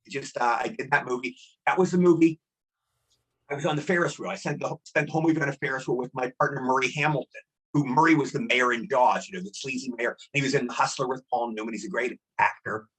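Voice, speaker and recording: A man in his sixties, a guest actor telling rambling, animated anecdotes in a casual interview. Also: mid-range voice, quick pace, breathy edge, poor audio. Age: 60s.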